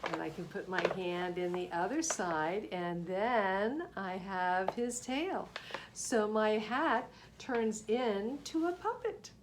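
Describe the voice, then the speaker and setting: Children's read-aloud: a woman, slow, lively in pitch, faint room noise behind. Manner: expressive, gasps and asks the listeners questions. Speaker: children's story reader.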